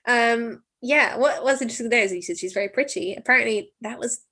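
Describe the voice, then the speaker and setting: A woman's voice: a little high, a little fast, pushed and bright. A woman co-hosting a podcast, chatting playfully and laughing often. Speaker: podcast co-host. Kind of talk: casual chat.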